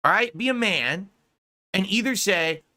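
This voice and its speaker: A man on a live stream, talking in an exasperated, swearing rant with a high voice that leaps all over the place. His tone is bright and sharp. He mimics the people he mocks in quoted asides. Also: lively intonation, unhurried. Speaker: streamer host. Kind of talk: heated casual rant.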